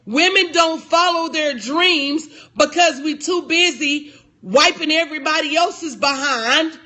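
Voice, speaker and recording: A middle-aged motivational speaker and life coach addresses an audience in a high, bright, forceful voice. Her heartfelt, confessional talk hammers points home through repetition, with an emphatic, preacher-like cadence.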